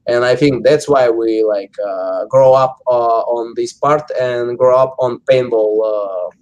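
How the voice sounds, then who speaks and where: Halting Russian-accented man, slow speech. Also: mid-range voice, darkish tone. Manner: halting, many fillers and restarts. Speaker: interview guest. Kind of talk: casual interview.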